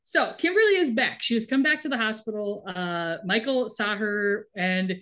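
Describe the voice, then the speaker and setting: A woman's voice: medium pitch, expressive, normal speed, fairly bright tone. Wry woman recapping a show. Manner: wry, sarcastic, reads out lines with light voices. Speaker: podcast co-host recapping a TV show. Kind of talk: casual chat recap.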